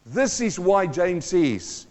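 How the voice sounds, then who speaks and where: A man's voice: sits high, big pitch swings, takes it slowly, darkish tone. A pastor preaching a sermon, emphatic and repetitive, asking his congregation rhetorical questions. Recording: dull sound with long hall reverb.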